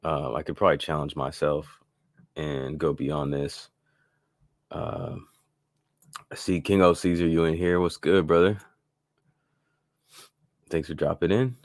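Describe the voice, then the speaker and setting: A man with an extremely low, gravelly voice walks through his beat-making process in a casual live-stream tutorial. He rambles loosely, with plenty of fillers and restarts. The sound is dry and close, with no room around it. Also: steady tone, measured pace, pauses often, dry recording.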